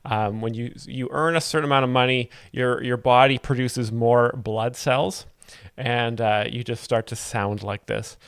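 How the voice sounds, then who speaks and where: A man hosting a comedy show, explaining jokes in a deadpan, halting way full of ums. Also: medium pitch, smooth, no echo, studio quality. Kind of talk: deadpan mock commentary.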